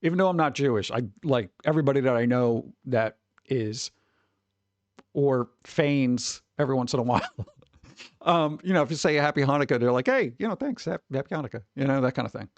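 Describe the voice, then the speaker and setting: A man's voice: medium pitch, brisk, dry recording, dull audio. Rambling, laughing American male streamer. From United States. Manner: rambling, laughs often, trails off. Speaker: VTuber streamer. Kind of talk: casual livestream chat.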